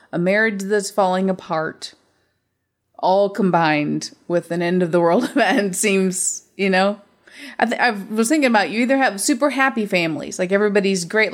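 A woman co-hosting a casual movie review chat, animated and opinionated with quick asides. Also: medium pitch. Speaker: podcast co-host.

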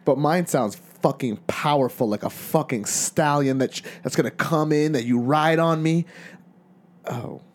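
A man's voice: a little high, measured pace. A man co-hosting a podcast in casual chat, joking, swearing and laughing often. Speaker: podcast co-host.

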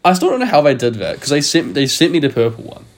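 A man's voice: medium pitch, huge pitch swings, fast talker. Rambling young man, sick, laughing often. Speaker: podcast co-host. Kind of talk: casual chat.

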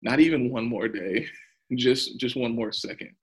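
A man's voice: mid-range voice, measured pace, breathy edge, rough recording. A man, a pastor, speaking earnestly and openly in a podcast interview about his faith and hard times, with a nervous laugh now and then.

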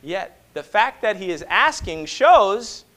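A man preaching a sermon to a congregation, moving between hushed, slow passages and loud, emphatic ones and often asking rhetorical questions. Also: high-pitched, sing-song. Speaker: pastor.

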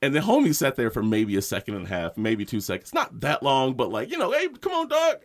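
Animated young man telling a story. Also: medium pitch, fast talker. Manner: animated storyteller, laughing, acting out shouted quotes. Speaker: podcast co-host. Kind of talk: casual chat.

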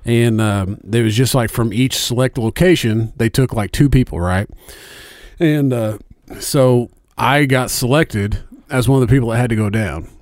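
A man's voice: medium pitch, moderate pace, a little mellow, no room sound, clean studio sound. Rambling, profane middle-aged man. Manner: rambling storyteller, heavy swearing, many fillers. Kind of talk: casual chat.

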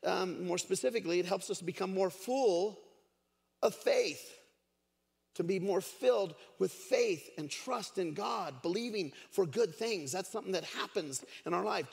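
A man's voice: high-pitched, gravelly. A man preaching a sermon as a pastor, chatty and storytelling, with frequent fillers. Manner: conversational storytelling, many fillers. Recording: echoey hall.

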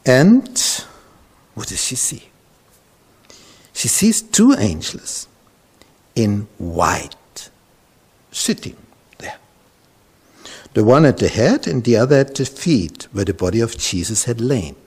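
A man's voice: medium pitch, very animated, slow pace, pauses often, darkish tone, slightly rough. A male pastor preaching a sermon, retelling scripture dramatically and dropping into whispers. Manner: dramatic storytelling, sudden drops to whispers; repeats words and restarts.

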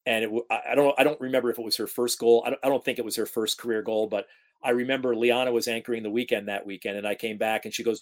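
A man's voice: medium pitch, very fast. A man in his forties from upstate New York, a sports broadcaster telling career stories in a casual interview, acting out the voices of the people in them. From Capital Region of New York. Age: 40s. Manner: animated storyteller, acts out quoted talk.

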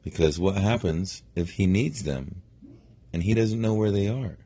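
A middle-aged man improvising a bedtime story for a child, relaxed and meandering, correcting himself as he goes. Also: fairly low pitch, measured pace, husky. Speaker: parent telling a bedtime story.

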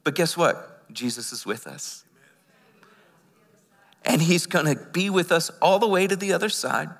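A male pastor preaching a sermon with passion, swinging between loud and hushed, often stumbling and repeating his words. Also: high voice, normal speed, vocal fry, long reverb tail.

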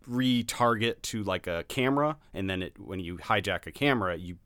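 Deep, bright-voiced blunt game reviewer man. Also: moderate pace, no room sound. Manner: laughing, blunt, swears freely. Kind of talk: casual podcast chat.

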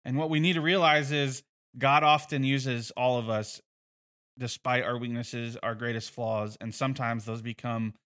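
A man's voice: mid-range voice, steady tone, moderate pace, fairly bright tone. A man teaching a bible lesson in a conversational way, with frequent fillers and restarts.

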